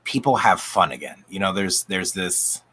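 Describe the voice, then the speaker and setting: On a group video call, a coach appearing as a channel guest chats with upbeat enthusiasm, rambling and restarting as his voice gives out. His voice sits low and husky with a fairly bright tone, moving at a moderate pace.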